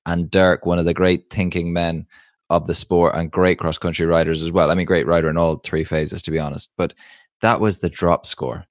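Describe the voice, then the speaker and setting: A man's voice: deep voice, flat delivery, normal speed, no room sound, studio quality. A man co-hosting a podcast, chatting casually and with emphatic enthusiasm. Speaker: podcast co-host.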